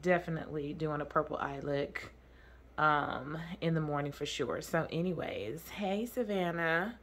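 A woman's voice: low-pitched, fairly bright tone. A woman, chatting casually and laughing easily as she vlogs about her home. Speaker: vlogger.

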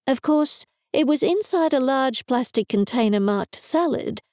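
A woman's voice: sits high, animated, a little slow, a little mellow, no echo. A woman reading a first-person novel aloud in a dry, wry manner, recorded close to a studio mic. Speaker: audiobook narrator. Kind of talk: scripted narration.

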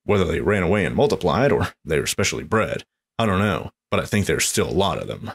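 A young man casually commenting as he plays a video game, chatty and excitable, jumping high in pitch when startled. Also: fast talker, vocal fry, breathy edge. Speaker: gaming channel host. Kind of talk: casual let's play commentary.

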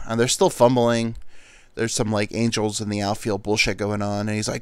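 A man's voice: lowish voice, level tone, moderate pace, darkish tone, clear, resonant tone, no echo. A man hosting a podcast, talking in a rambling, self-deprecating comic monologue. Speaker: podcast host. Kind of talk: casual comedic monologue.

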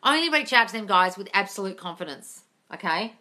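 Speaking fairly quickly in a mid-range, animated, bright and forceful voice, a woman coaches manifestation during a casual live-stream Q&A on her phone. She has a non-native English accent, reads comments aloud, is blunt and sweary, and calls viewers darling, in a large open room while a cold leaves her slightly congested with a runny nose.

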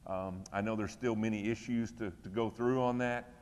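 A man's voice: on the low side, fairly even intonation, normal speed, a little mellow, clear, resonant tone, big-room sound. A middle-aged man serving as pastor, giving church announcements and prayer requests in a folksy, conversational, encouraging way in a church room.

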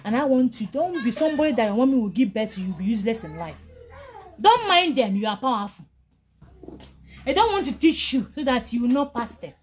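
A middle-aged woman speaks in a fairly high voice. She delivers a spiritual pep talk on a live stream, driving each point home through repetition. She laughs often, and faint noise sits behind her. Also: big pitch swings, brisk.

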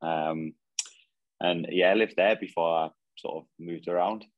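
A man's voice: low voice, fairly even intonation, measured pace, no room sound, lo-fi sound. A man in his twenties from Northumberland, answering modestly and hesitantly with many fillers. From Northumberland, England. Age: 20s. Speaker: footballer guest. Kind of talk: casual interview.

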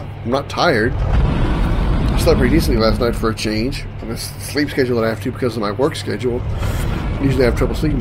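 A man casually commenting on his gameplay, muttering reactions and swearing when startled, with game music playing behind him. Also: medium pitch. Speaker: let's play gamer. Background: game music and sound effects.

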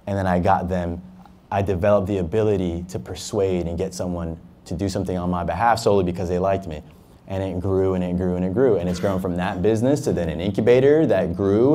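A young entrepreneur from Harlem, New York, speaks as a guest at a fireside chat about his path in business. His voice is low-pitched and dark in tone, and he talks in an emphatic, motivational way with casual swearing, over a little hiss or hum.

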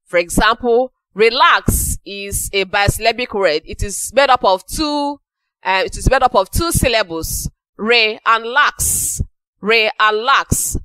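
A woman teaching an English lesson, repeating key phrases slowly for emphasis. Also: medium pitch, sharp tone, smooth, no echo, low-quality recording. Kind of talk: classroom lecture.

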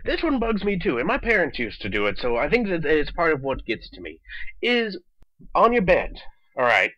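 A young man delivering a sarcastic, exasperated comedic rant in an animated way, on slightly dull lo-fi audio. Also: fairly high pitch, brisk, no room sound. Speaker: vlogger.

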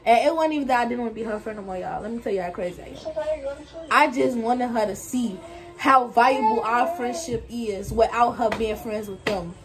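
A woman's voice: fairly high pitch, brisk. Blunt, foul-mouthed young woman. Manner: blunt, swears freely, talks straight to viewers. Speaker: guest friend. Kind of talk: casual storytelling chat.

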